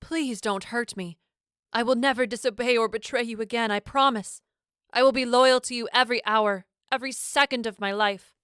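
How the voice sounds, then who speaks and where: A woman's voice: sits high, lively intonation, slow pace, fairly bright tone, dry recording, clean studio sound, voice pushed up, heavily acted. A woman voicing a frightened young British baroness who stammers and pleads through tears. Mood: begging. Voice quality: trembling, stammering.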